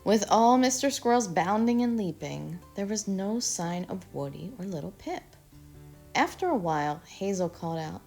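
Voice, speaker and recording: Female host narrating a children's book, very gravelly, lively pitch, faint music behind. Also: moderate pace. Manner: expressive, storybook delivery. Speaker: storyteller, homeschool channel host. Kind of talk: children's read-aloud narration.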